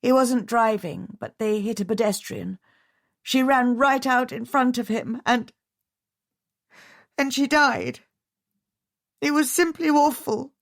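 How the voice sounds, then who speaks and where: Woman voicing a widow, distraught, high pleading voice, teary, dry sound. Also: normal speed, gravelly, few pauses, no echo. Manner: pleading, teary, strained and rising. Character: distraught widowed society woman, middle-aged.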